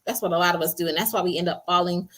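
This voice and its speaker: A woman's voice: lowish voice, steady tone, very fast. A woman hosting a casual livestream, reading viewer comments aloud, chatty and laughing often. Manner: chatty, laughs often, drops to quiet asides. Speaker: livestream host.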